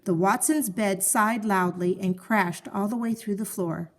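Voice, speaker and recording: A woman calmly narrating a children's story, reading it aloud. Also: mid-range voice, measured pace.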